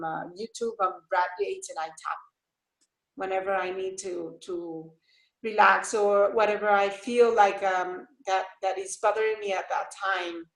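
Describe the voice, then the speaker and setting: A woman from Costa Rica, a mother of young children, talking as an interview guest in an animated way, laughing often and restarting her sentences. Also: mid-range voice, roomy sound, poor audio. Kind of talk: casual interview chat.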